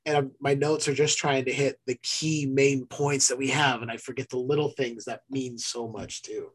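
A man hosting a podcast, chatting loosely, laughing often, then reading off the show's links and plugs in a steady run. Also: medium pitch, moderate pace, husky, rough recording. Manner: relaxed, laughs often, lists links in a steady promo read. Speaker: podcast host. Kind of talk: casual chat and show outro.

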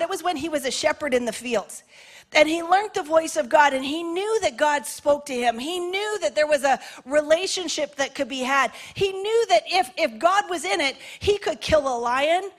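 High-voiced woman preaching passionately. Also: fairly bright tone. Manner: passionate, conversational, acts out quoted prayers. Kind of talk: sermon.

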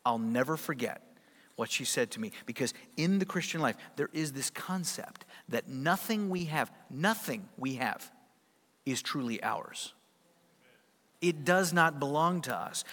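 A male pastor preaching a sermon with emphatic delivery and rhetorical questions, swinging between loud and soft. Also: a little high, big-room sound.

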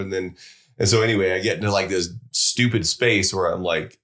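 Deep-voiced man, rambling and self-deprecating. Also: fast talker, fairly bright tone. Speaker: podcast co-host. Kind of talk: casual conversation with his wife.

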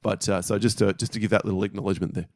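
A man's voice: on the low side, steady tone, racing, darkish tone, dry recording, clean studio sound. A man co-hosting a comedy podcast, wry and explaining the background of each clip. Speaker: podcast co-host. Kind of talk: casual comedy banter.

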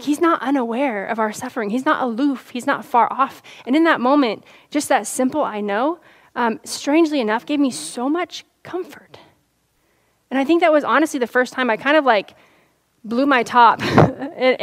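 A woman's voice: high voice, moderate pace, no echo. Chatty woman preaching a sermon. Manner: conversational, storytelling with asides and laughs.

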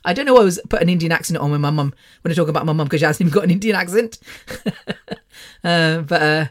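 A woman's voice: deep voice, fast. Woman, British accent, middle-aged, chatty and rambling, laughs a lot. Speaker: podcast host. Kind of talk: casual personal monologue.

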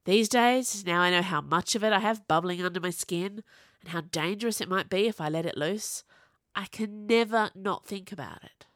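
A woman reading her own fiction aloud in a wry, expressive storytelling voice for a podcast. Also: medium pitch, normal speed, dry recording, clean studio sound. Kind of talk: audiobook story narration.

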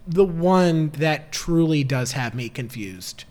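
Podcast co-host, male, slightly high voice, campy and giggly, casual chat. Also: expressive, slow, darkish tone.

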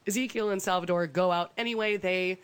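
A woman's voice: medium pitch, steady tone, fairly quick, smooth. A woman co-hosting a podcast, telling a survival story in a chatty, laughing way. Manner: chatty, laughs often, lots of ums and likes. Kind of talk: casual storytelling chat.

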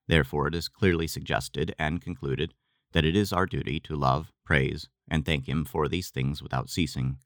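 A man giving a measured, deliberate scripted reading of a religious text. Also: very deep voice, steady tone, dry recording, clean studio sound. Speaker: reader.

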